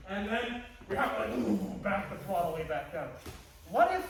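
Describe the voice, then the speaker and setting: A man's voice: high voice, expressive, normal speed. A man teaching a martial arts class, playful and joking, often restarting his sentences. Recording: echoey hall, distant mic.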